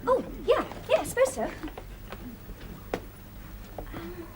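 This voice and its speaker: Flustered young mum, high bouncy voice, noisy TV audio. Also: female voice, very animated, slow pace, exaggerated voice. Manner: flustered, hesitant. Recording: noisy TV soundtrack.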